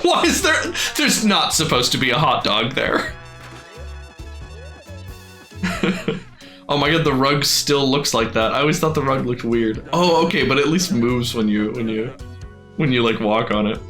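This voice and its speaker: A man chatting casually on a live stream while playing a game, chatty and quick to laugh. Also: medium pitch, sing-song, sharp tone, reverberant, faint music behind.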